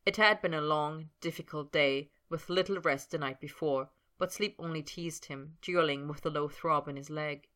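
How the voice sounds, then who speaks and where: A woman narrating a work of fiction as an audiobook, in a steady storytelling manner. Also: deep voice, normal speed, hardly any pauses.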